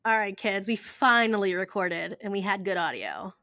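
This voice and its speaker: A woman's voice: mid-range voice, expressive, moderate pace, bright, forceful tone, dry recording, clean studio sound. A woman co-hosting a podcast in casual chat, chatty, laughing easily and restarting her sentences. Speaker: podcast co-host.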